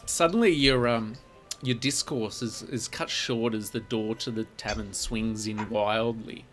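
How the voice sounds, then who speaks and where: A man's voice: lowish voice, steady tone, unhurried, soft background music. A man narrating as game master of a tabletop game, describing scenes with frequent restarts. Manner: descriptive, with many restarts and fillers.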